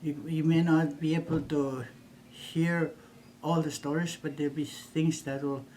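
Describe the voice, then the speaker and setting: An older woman from Northern Manitoba speaks slowly and haltingly, often repeating her words as she introduces herself. Her voice is warm and mellow. A faint hiss of noise sits under the recording. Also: low voice, flat delivery. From Northern Manitoba, Canada. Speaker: church minister and elder. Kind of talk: personal introduction in a video.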